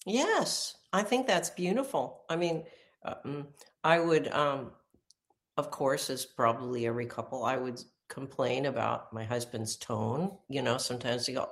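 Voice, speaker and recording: A woman hosting a casual conversation, talking in an animated way and laughing often. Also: deep voice, moderate pace.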